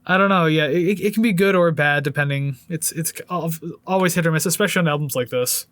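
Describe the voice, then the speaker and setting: A man with a notably high voice co-hosts a laid-back album review podcast. He rambles and jokes, leaning on "like" and "I mean" as he goes. The sound is dry and close, with no room around him. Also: fast talker, fairly bright tone, no room sound. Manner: rambling, filler-heavy, joking. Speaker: podcast co-host. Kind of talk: casual album review chat.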